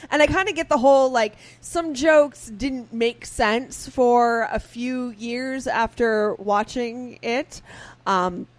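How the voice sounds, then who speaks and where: A woman's voice: on the high side, slow, no room sound. A woman co-hosting a podcast, chatting casually with plenty of fillers and the odd swear. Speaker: podcast co-host. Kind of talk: casual chat.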